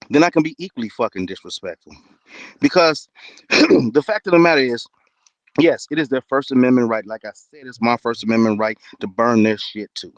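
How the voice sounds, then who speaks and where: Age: adult. Sex: man. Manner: furious, cursing, confrontational. Pitch: middle. Sound: dry, close, over an online call. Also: dry recording, poor audio. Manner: angry, profane, confrontational. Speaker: debate panelist. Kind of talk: heated online debate.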